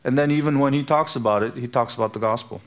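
A man's voice: mid-range voice, fast. A man preaching an expository sermon, walking through a Bible passage and acting out everyday speech in quoted asides. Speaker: pastor.

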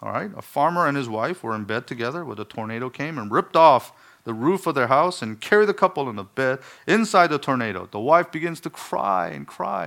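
A male pastor delivers a sermon in a mid-pitched voice. He is earnest and emphatic. He drops in wry, self-deprecating asides. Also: animated, a little fast, creaky, hardly any pauses, a bit bright.

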